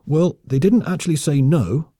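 A man's voice: on the high side, normal speed, mellow, dry recording, studio quality, voice pushed up, natural voice. A man voicing a jaunty, cheerfully oblivious male space captain with breezy understatement.

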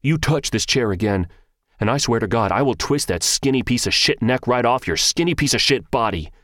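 A man voicing a tall, angry male javelin thrower who issues slow, firm threats. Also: mid-range voice, level tone, a bit bright, no echo, studio quality, pitched above the performer's own voice, natural voice. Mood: menacing.

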